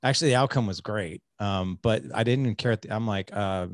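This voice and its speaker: Animated male podcast host, low and dry. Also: fairly quick, few pauses, no room sound. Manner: animated, many restarts and "like", "right?". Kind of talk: casual conversational chat.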